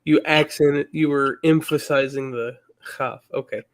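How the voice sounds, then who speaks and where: A man studying in an online class, working through answers slowly and hesitantly over a video call. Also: fairly high pitch, steady tone. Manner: slow and hesitant, thinking aloud while parsing words. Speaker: student in an online language class. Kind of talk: casual online class discussion.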